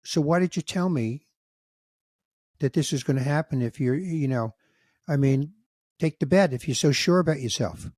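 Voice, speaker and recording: A man's voice: on the high side, normal speed, pauses often, darkish tone, no room sound, clean studio sound. A man hosting a casual interview, probing the guest with joking follow-up questions. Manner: probing, jokey follow-ups. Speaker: podcast host.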